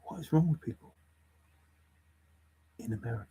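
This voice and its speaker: Husky, lecturing man. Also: medium pitch, lively intonation, normal speed, mellow, low-quality recording. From England. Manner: lecturing, repeats points for emphasis. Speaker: vlogger. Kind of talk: opinion rant to camera.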